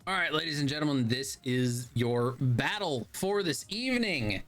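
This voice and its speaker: A man co-hosting a casual comic-book chat, laid-back and slangy, quick to laugh. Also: medium pitch, lively intonation, fairly bright tone, faint music behind. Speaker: podcast co-host.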